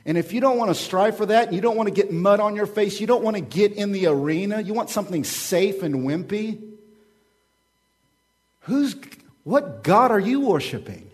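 Man, pastor, from oklahoma, sermon, slightly high voice, hushed-to-loud swings, joking. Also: lively intonation, moderate pace, slightly rough.

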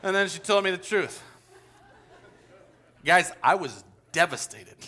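A man in his forties preaching a casual, story-driven sermon as pastor, acting out the voices in his anecdotes with big swings in pitch. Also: animated, slow, long pauses, sharp tone. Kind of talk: conversational sermon.

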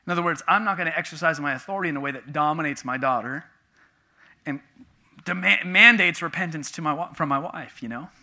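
A man preaching a sermon with passion, moving between loud emphatic lines and quiet personal asides. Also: on the high side, fast talker.

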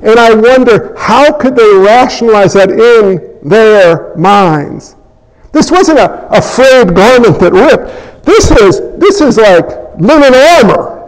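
A man preaching a sermon as a pastor, in an animated way, acting out scenes and little voices as he goes. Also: high-pitched, takes it slowly. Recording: long hall reverb.

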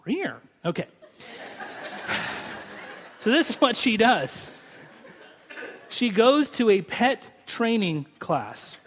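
Male pastor, high-pitched, casual humorous sermon style, recorded in a reverberant hall. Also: very animated, slow, long pauses, a bit bright, slight background noise. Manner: chatty, humorous preaching with laughs. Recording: long hall reverb from a large room.

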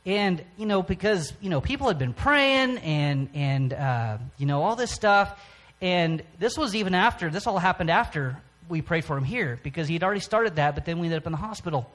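A man giving a personal testimony from the front of a church, speaking in a halting way with frequent pauses and restarts. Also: high voice, expressive, fairly bright tone.

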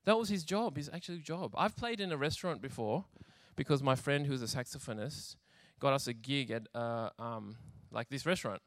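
A man's voice: mid-range voice, normal speed, hardly any pauses, no echo, studio quality. A man giving a sermon in a chatty, humorous storytelling way, laughing often and acting out little scenes. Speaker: preacher.

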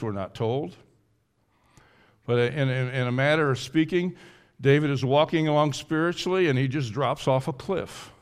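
A man preaching a sermon, going from loud and high to quiet and low, and acting out pleading in the first person. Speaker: pastor.

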